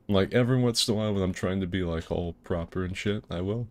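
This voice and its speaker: Deep-voiced joking gamer from Florida. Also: male voice, steady tone, quick pace, few pauses, a little mellow. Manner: rambling, crude joking. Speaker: gaming video host. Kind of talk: casual gameplay commentary.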